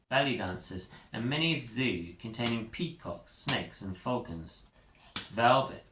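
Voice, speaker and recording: Low-voiced man reading a storybook. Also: bright, forceful tone, roomy sound, poor audio. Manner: measured, descriptive reading. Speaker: audiobook narrator. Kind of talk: second-person story narration.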